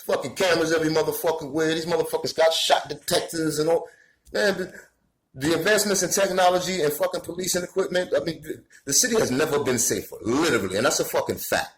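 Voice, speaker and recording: Here a commentator from the Bronx, New York accent intact, fires off a fast, foul-mouthed rant straight at the camera, heating up until he yells. His voice is on the high side, and the rough recording has a roomy quality.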